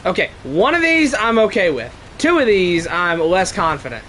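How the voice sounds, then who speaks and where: A man's voice: high-pitched, sing-song, moderate pace, a bit bright, slight background noise. Chatty streamer man, faint Southern lilt. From North Carolina, US. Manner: chatty, exclaims and laughs at the game. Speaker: game streamer. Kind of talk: casual gameplay commentary.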